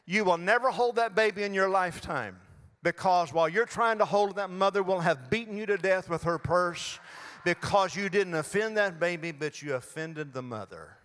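An older man preaches to a congregation, spinning folksy, joking stories. His voice sits a little high for a man. The sound rings with the long reverb of a large sanctuary. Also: moderate pace, a bit bright. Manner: folksy storytelling with humor. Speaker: guest preacher. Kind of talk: sermon. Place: church sanctuary.

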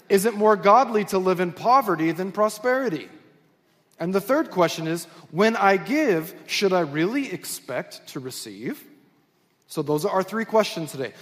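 A male pastor preaching a sermon in a conversational way, often asking the congregation questions. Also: high-pitched. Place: church sanctuary. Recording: long hall reverb.

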